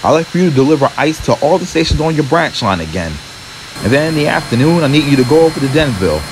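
A man's voice: a little high, big pitch swings, quick pace, background noise. A man voicing a hesitant male railway yard manager handing out jobs with many ums.

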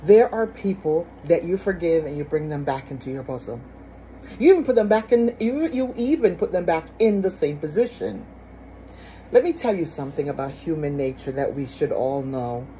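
A woman speaking in an emphatic, casual teaching manner. She has a warm, mellow tone, often repeats her key phrases and asks rhetorical questions. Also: low voice, expressive, normal speed, slight background noise, low-quality recording. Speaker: speaker on forgiveness.

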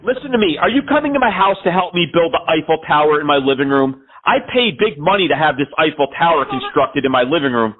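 A man's voice: on the high side, lively intonation, fast talker, few pauses. A man making an absurd prank phone call, rambling through exaggerated complaints. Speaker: scambaiter prank caller. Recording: tinny phone line.

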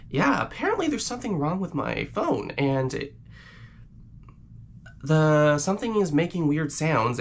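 A man from Ontario with a Canadian accent, talking casually to camera while sick, his voice deepened and rough, brash and swearing. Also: a bit bright, a little hiss or hum. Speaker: vlogger host. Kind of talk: casual profane vlog chat.

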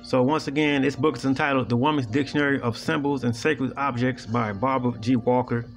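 Brisk and fairly even, his medium-pitched voice carries over soft background music. As a video host he delivers a casual, preachy monologue straight to viewers, swearing bluntly and frequently asking "you know what I'm saying".

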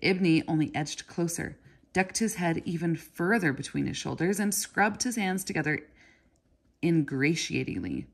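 A woman reading a children's novel aloud in a steady storybook manner. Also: fairly low pitch, moderate pace, creaky, slightly rough. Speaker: narrator.

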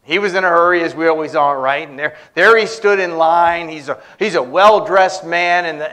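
A male preacher with a fairly high voice delivers a sermon in a church. He builds his points through storytelling and humorous anecdotes, with a relaxed conversational flow.

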